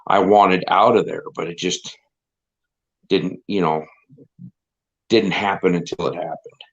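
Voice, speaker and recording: Middle-aged man, fairly low voice, rambling wry chat, dull lo-fi stream sound. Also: steady tone, a little slow, slightly rough. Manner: rambling, repeats himself, wry. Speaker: stream co-host. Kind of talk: casual chat on a live stream. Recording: slightly dull lo-fi stream audio.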